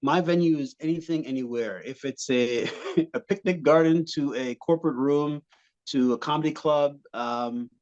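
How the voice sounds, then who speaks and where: On a casual podcast, a Montreal-born comedian spins lively stage anecdotes, breaking into silly voices and accents along the way. His voice is a little high and his pace is normal, though the recording sounds dull.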